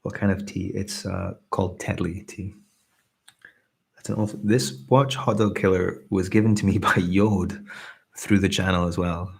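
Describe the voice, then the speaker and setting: A man in his thirties from Scotland, with a softened Scottish accent, hosting a soft-spoken ASMR live stream chat and reading out viewers' comments in an earnest, grateful way. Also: low voice, fairly even intonation, normal speed, vocal fry, breathy edge.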